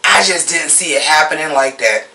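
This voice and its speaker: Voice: medium pitch, moderate pace, roomy sound, far from the mic. A host giving a casual episode recap and review, blunt, profane and openly opinionated, mocking the scenes they dislike. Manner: animated, mocking.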